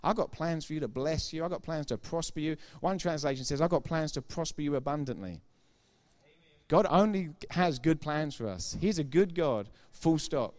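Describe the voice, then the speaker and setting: A man's voice: a little high, lively intonation, normal speed, a little mellow. Fervent, repetitive male preacher. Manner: emphatic, repeats key phrases for effect; chatty, informal asides to the congregation. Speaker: pastor. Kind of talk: sermon.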